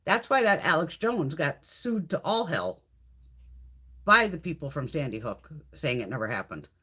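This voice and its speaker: A woman's voice: low voice, sing-song, moderate pace, pushed and bright, slightly rough. A woman hosting a live beauty stream, chatting with viewers in a blunt, profane, ranting way and laughing often. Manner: laughs often while talking. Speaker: beauty livestream host.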